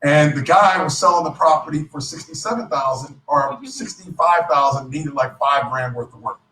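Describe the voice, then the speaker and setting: A man's voice: a little high, normal speed, a little hiss or hum. A man giving a joking, motivational talk to a live audience at a business event. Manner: lively, joking, self-described clown. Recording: echoey hall, voice from a distance.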